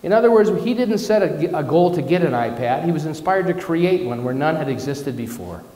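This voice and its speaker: Male minister, slightly high voice, candid storytelling preacher who pokes fun at himself, recorded in a reverberant church hall. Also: lively intonation, a little fast, dark tone. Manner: candid, personal storytelling with self-deprecating asides. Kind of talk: conversational sermon. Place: church or spiritual centre hall. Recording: echoey hall with long reverb.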